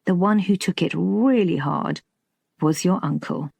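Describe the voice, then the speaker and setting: A woman voicing a calm, dry-spoken father. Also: on the low side, a little slow, creaky, husky, no echo, full character voice. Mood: measured. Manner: even, matter-of-fact explaining. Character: calm middle-aged father, dry and measured.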